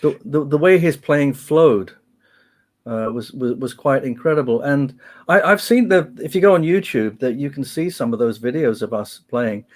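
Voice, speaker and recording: On a casual video call, a guest musician swaps memories, a chatty storyteller who restarts often and repeats what others said. He speaks at normal speed with a medium-pitched voice.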